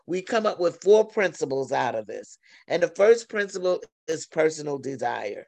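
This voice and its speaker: A man preaching a sermon over a phone line, slow and deliberate, repeating key phrases. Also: on the high side, sing-song, gravelly, a little mellow, dry recording.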